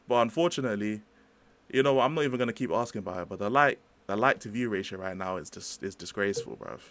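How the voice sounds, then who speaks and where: A man's voice: lowish voice, fairly bright tone, dry recording. A young man hosting a livestream, ranting about football in a chatty, slangy, rambling way. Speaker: livestream host. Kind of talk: casual livestream football rant.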